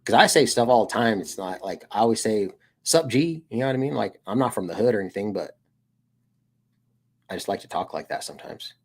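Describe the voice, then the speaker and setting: A man's voice: fairly low pitch, fast talker, slightly rough. A young American man hosting a casual livestream, rambling in a laid-back way and saying "dude" a lot. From United States. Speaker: streamer and channel host.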